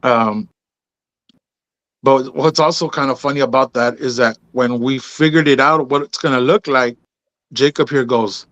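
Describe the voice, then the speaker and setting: A man's voice: mid-range voice, fairly even intonation, measured pace, a bit bright, no room sound. A man on an interview show, casually telling his story, calling people "bro" and "man" and acting out the dialogue he quotes. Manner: laid-back, drops in "bro" and "man", acts out quoted dialogue. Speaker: podcast host telling his story as a guest.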